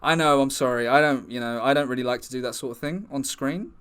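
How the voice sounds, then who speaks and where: A man's voice: medium pitch, fast talker, smooth. Young male comic host, mock-serious rambler. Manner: mock-earnest, rambling deadpan bits. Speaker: comedy livestream host. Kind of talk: improvised comedy chat.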